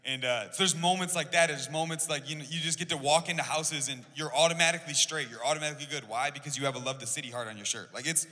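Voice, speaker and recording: Fast, bright-voiced young man in a reverberant room. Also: on the high side. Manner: excitable, heavy use of "like". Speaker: church volunteer. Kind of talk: casual church podcast chat.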